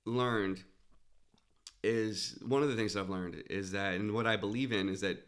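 A man in casual podcast talk, animatedly telling a comedy club story and leaping into high shouts for quoted lines. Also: fairly even intonation, a little slow. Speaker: stand-up comedian and podcast host.

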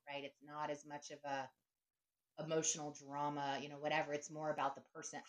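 Reflective middle-aged woman, fairly low voice. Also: level tone, a little fast. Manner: reflective, often tags "right?" and "you know". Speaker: podcast guest, author. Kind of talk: conversational interview.

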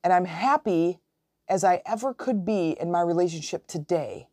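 Woman in her forties, motivational podcast host; earnest and encouraging, lowish voice, dry close sound. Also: expressive, normal speed, darkish tone, dry recording. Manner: earnest, encouraging, acts out quoted dialogue. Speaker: relationship coach.

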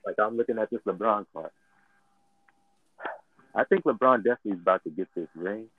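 A man with a fairly low voice tells stories in a lively, slangy way and laughs often. His voice comes through a thin, phone-like line. The sound is dry, with no room echo. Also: a little fast, slightly rough. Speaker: podcast co-host. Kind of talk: casual podcast chat.

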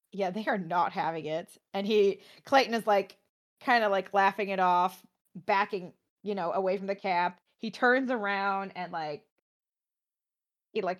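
A young woman talks through a video game in a relaxed, chatty way. She narrates the scenes and translates the characters' lines as she goes, dotting her speech with "like" and "uh." Her pitch sits in a middle range for a woman. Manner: chatty, translating game dialogue with frequent fillers. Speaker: game commentator. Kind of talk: casual let's-play commentary.

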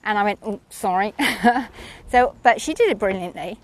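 A woman's voice: medium pitch, lively intonation, normal speed. A woman chatting casually about her lesson, rambling and self-mocking, with frequent ums. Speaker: horse rider reviewing her lesson. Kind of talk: casual chat.

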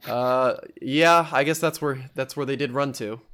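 A man's voice: medium pitch, measured pace, fairly bright tone. A man in casual group chat about an anime, opinionated and rambling, swearing often.

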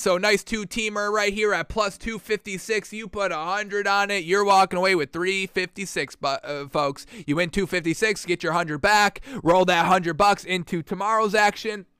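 A man hosting a sports show, chatting excitedly about free agency and betting picks, with lots of fillers. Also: sits high, clean tone, dry recording, clean studio sound. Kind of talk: casual sports betting talk.

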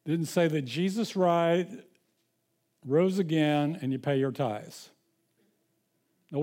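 A pastor with a notably high voice delivers his sermon in an easy, conversational way. He stumbles and restarts often as he talks, then slows down to read scripture aloud. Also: a little mellow.

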